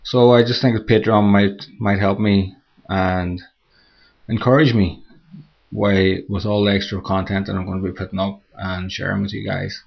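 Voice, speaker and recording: A man hosting a podcast and reading a short horror story in a slow, measured way. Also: fairly low pitch, flat delivery, gravelly, muffled recording. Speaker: podcast host and story narrator. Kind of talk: scripted story narration.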